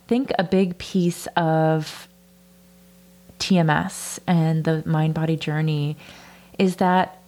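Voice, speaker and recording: Woman, podcast host, low pitch, mellow tone, gentle, soft-spoken, occasional whisper. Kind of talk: podcast monologue and slow reading of a letter.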